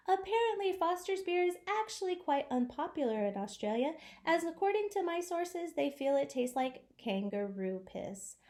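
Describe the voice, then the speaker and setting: A woman's voice: sits high, sing-song, moderate pace, darkish tone. A young woman from the United States hosting a travel vlog in playful, jokey scripted narration with theatrical asides. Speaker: vlog host.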